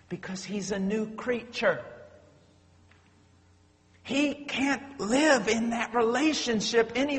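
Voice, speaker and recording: Male preacher, high voice, dramatic shifts from hushed to shouting, church sanctuary reverb. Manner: swings from loud urgent preaching to quiet low storytelling. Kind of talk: sermon.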